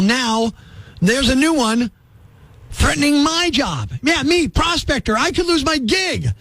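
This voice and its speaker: A man's voice: high-pitched, a bit bright, no room sound. A male morning radio host delivering a sarcastic, self-mocking comedy monologue on a studio mic.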